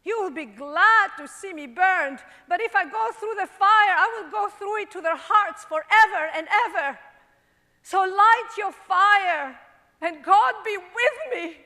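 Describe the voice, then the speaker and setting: A woman with a Greek accent acting out a defiant young female martyr facing the fire, in an impassioned theatrical monologue that moves from hushed to rousing. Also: very high-pitched, a little slow, pitched above the performer's own voice, full character voice. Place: performing arts center stage. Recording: long reverb of a large performing arts hall.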